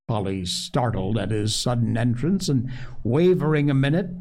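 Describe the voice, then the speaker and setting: A man reading a classic children's story aloud, in an unhurried, expressive way. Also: medium pitch. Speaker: narrator.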